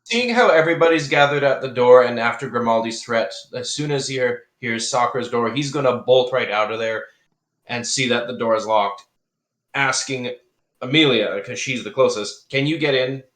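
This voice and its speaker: A man playing a tabletop game, describing in a steady way what his character does. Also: mid-range voice, normal speed, roomy sound. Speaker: player.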